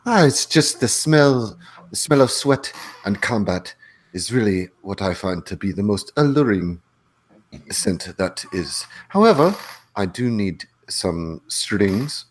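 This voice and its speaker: A man's voice: fairly low pitch, lively intonation, takes it slowly, a little hiss or hum. A man voicing a jovial, swaggering female cat-folk duelist who speaks in a formal, slightly stilted way. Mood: courtly, amused.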